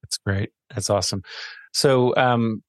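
A man's voice: lowish voice, fairly even intonation, unhurried, no echo, studio quality. A man hosting an interview, talking hesitantly with many restarts and laughing and affirming his guest often. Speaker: podcast host. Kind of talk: casual interview.

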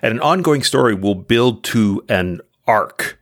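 A man with a fairly low voice explains things casually on a podcast. He backs up and restarts his sentences often as he goes. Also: expressive, unhurried. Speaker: podcast co-host.

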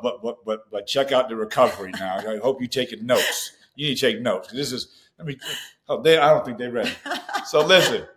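A man tells a personal story as a podcast guest, animated and slipping into the voices of his own past dialogue. His voice sits in a middle pitch. The room around him is echoey.

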